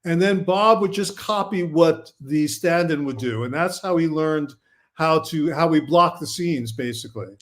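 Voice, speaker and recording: A man from Brooklyn, a film director, telling animated anecdotes as a podcast guest. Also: a little high, moderate pace. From Brooklyn, New York. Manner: animated anecdotes, quotes himself and others. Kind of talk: casual storytelling.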